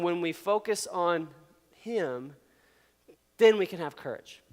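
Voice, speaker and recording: A man's voice: high-pitched, animated, slow, pauses often. A man giving a casual youth sermon, playful, often laughing and asking the audience questions. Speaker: youth pastor. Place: large hall with an audience. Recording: long hall reverb.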